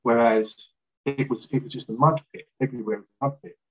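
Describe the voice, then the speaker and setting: A man recounting an experience as a guest, talking haltingly with fillers and restarts. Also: mid-range voice, fairly even intonation, a bit bright, slightly rough, muffled recording. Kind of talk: casual storytelling in an interview.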